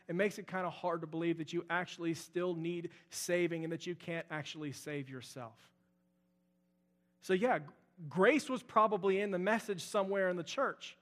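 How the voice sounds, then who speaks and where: A man's voice: high-pitched, moderate pace, a bit bright, big-room sound. A young adult man preaching a sermon as pastor, earnest and repetitive in his emphasis.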